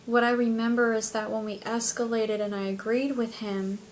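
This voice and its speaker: A woman telling a personal story in a casual, animated way, often hedging what she remembers. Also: fairly high pitch, normal speed, slight background noise. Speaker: spiritual channel host.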